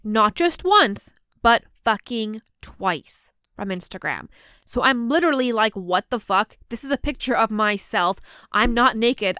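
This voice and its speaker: Blunt, foul-mouthed woman with a smooth voice. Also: medium pitch, a bit bright, no room sound, studio quality. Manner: blunt, profane and laughing often. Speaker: podcast host. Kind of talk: casual solo podcast storytelling.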